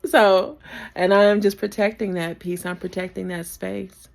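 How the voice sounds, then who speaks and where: A woman's voice: mid-range voice, little pitch movement, a little slow, creaky. A woman vlogging a reflective casual rant into her phone camera, laughing now and then. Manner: reflective, talks to herself, laughs often.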